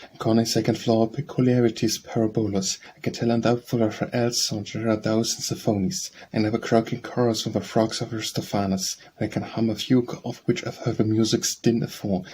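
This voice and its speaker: A man reading poetry aloud for an audiobook in a measured, steady recitation. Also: on the low side, slight background noise, low-quality recording. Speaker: audiobook narrator.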